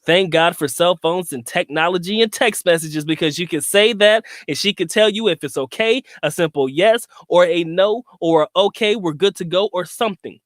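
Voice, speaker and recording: Rambling man, fairly high voice. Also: moderate pace, hardly any pauses, no room sound, studio quality. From Southern United States. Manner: rambling, talks straight to viewers with frequent asides. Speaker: vlogger. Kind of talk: casual to-camera monologue.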